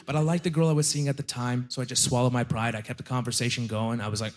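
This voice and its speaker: A man performing a stand-up comedy set, telling stories with animated, self-deprecating punchlines. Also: medium pitch, rapid-fire, few pauses. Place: comedy venue with live audience.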